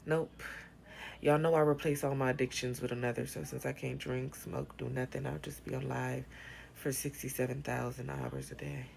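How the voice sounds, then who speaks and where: A woman's voice: low-pitched, creaky, darkish tone, slight background noise. A woman hosting a casual livestream from her bedroom on her phone, blunt and profane, chatting loosely and thanking viewers for gifts. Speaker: livestream host.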